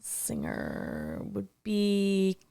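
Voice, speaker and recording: A woman's voice: medium pitch, wildly swooping pitch, extremely slow, creaky, mellow. A woman co-hosting a podcast, chatting casually and hesitantly, with many fillers. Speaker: podcast co-host. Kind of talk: casual chat.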